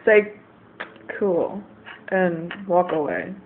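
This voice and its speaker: A man's voice: high-pitched, extremely slow, gravelly. A young man in his late teens talking to the camera in a rambling, frustrated way, venting about his family. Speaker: vlogger. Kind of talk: casual confessional vlog. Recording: tinny lo-fi webcam audio, faint hiss.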